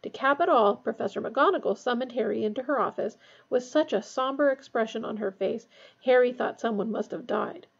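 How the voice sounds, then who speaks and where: Lady reading a story aloud, kinda raspy n husky, muffled lo-fi sound. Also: fairly high pitch, brisk. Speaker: reader. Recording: dull lo-fi recording.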